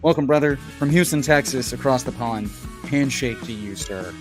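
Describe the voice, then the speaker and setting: At home, a hyped, folksy man hosts a casual livestream chat, constantly calling people "brother" and breaking into loud, shouted pep talks. His mid-range voice moves at a moderate pace, with music playing in the background.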